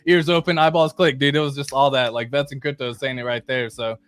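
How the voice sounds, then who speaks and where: A man, a Marine veteran, telling a profane, animated story in casual chat. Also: mid-range voice, fast, no echo.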